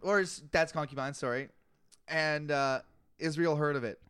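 A man's voice: on the high side, fairly even intonation, moderate pace, a bit bright, clean tone, no room sound, clean studio sound. A man co-hosting a podcast, reading scripture aloud in casual chat and growing exasperated at long lists of names, swearing as he goes.

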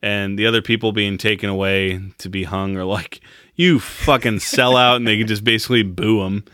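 A podcast co-host retelling a film in a loose, profane and joking way, slipping into the characters' lines. His voice sits fairly low but sounds bright and forceful. The sound is dry and close, with no room around it. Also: flat delivery, fairly quick, clean tone, no echo. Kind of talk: casual movie recap chat.

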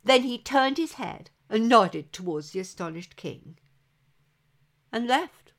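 Woman, storyteller, very slow, dramatic, expressive, old legend. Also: fairly high pitch.

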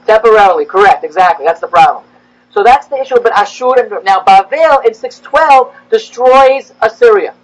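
A man, a rabbi, giving a classroom lecture, animated and rising in pitch as he acts out the prophets' complaints. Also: moderate pace, rough recording.

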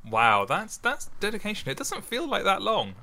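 Male podcast co-host, lively and bright, giggly and self-deprecating, reads poetry then chats. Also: high-pitched, normal speed, vocal fry. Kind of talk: casual chat and poetry reading. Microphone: headphones and studio microphone.

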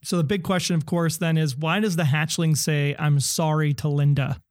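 A man talking through a TV episode in a casual, speculative way, his voice sitting a little higher than most men's. The sound is dry and close, with no room around it. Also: moderate pace, no room sound. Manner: speculative, animated, quotes lines in put-on voices. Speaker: podcast co-host. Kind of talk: casual TV recap chat.

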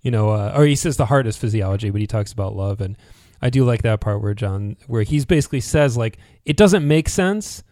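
A man co-hosting a podcast in a casual chat, animated and acting out characters' lines as he recaps. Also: fairly low pitch, fast, hardly any pauses, no room sound, clean studio sound. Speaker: podcast co-host.

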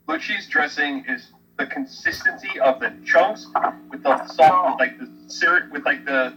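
A man's voice: fairly high pitch, animated, moderate pace, music in the background, low-quality recording. A young man co-hosting a casual chat, blunt and emphatic in his opinions. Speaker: podcast co-host.

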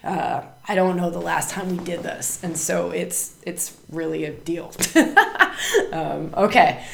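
A woman's voice: lowish voice, fairly even intonation, slow, creaky, echoey room, slight background noise. A woman hosting a spiritual astrology podcast, talking emphatically, repeating words and asking "right?" again and again. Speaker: podcast host.

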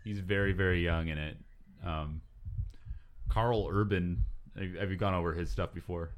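A man's voice: low voice, fairly even intonation, moderate pace. A man who is a guest on a podcast, chatting in a laid-back way and laughing often. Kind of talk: casual podcast chat.

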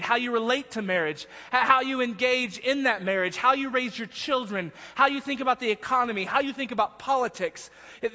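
A man's voice: high voice, bright, forceful tone. A man preaching a sermon in an emphatic way, often repeating words as he builds a point. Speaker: pastor. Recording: muffled hall recording.

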